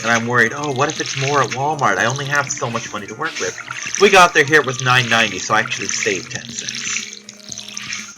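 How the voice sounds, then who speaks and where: Casual male vlogger, profane and rambling, with music clearly audible underneath. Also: mid-range voice, rough recording. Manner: profane, chatty, self-deprecating.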